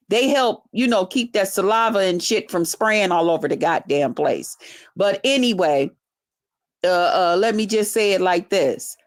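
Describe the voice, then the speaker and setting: A woman YouTuber delivering an angry, profane livestream rant, taunting and confrontational. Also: mid-range voice.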